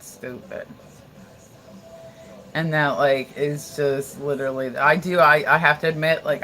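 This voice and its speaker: A woman's voice: deep voice, fairly bright tone, a little hiss or hum. A young American woman chatting casually on her live stream, blunt and rambling, repeating herself and swearing freely. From United States. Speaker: livestream host.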